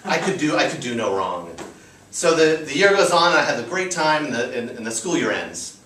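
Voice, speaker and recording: Animated American man telling a live story. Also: a little high, fairly quick, slight background noise. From United States. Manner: chatty, loose, full of "like" and "you know". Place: live storytelling show venue. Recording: roomy live venue, distant mic.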